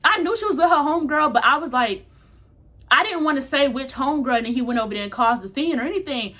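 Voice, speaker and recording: A woman's voice: high voice, animated, quick pace, pushed and bright. A young woman casually telling a candid, slangy storytime to her camera. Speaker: vlogger.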